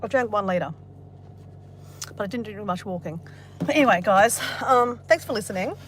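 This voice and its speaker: A woman's voice: mid-range voice, animated, normal speed, fairly bright tone, a little hiss or hum. A woman vlogging in casual talk, candid and emotional, and swearing freely.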